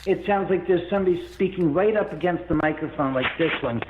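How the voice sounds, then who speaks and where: Animated rambling man over a tinny line. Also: on the high side, fairly quick, background noise. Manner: rambling, animated, full of restarts and self-quotes. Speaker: guest, haunted-house owner. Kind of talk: storytelling in an interview. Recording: phone-like line in an echoey room.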